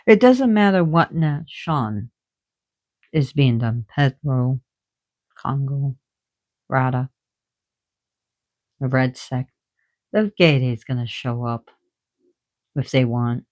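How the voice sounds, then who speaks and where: A woman explaining spiritual lore in casual talk, excitable and giggly, jumping between soft whispers and loud bursts. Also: very deep voice, slow pace, pauses often, no room sound, highs cut off.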